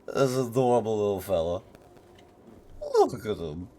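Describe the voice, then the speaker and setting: A man's voice: lowish voice, lively intonation, measured pace, mellow. A man streaming gameplay, chatting in a sarcastic, joking way with rambling asides. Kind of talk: live gameplay commentary. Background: game music.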